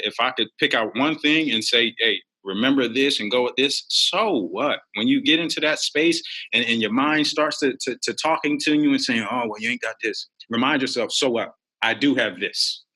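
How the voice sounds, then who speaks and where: A man guest on a podcast, an author telling stories in an animated way and acting out quotes with big jumps in pitch. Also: low-quality recording. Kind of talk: animated storytelling.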